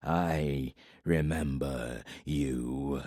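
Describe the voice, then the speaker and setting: A man voicing a hulking giant warlord, calm and menacing, in an audiobook, speaking slowly and deliberately. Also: no room sound, studio quality, heavily acted. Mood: measured menace. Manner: slow, deliberate, rumbling.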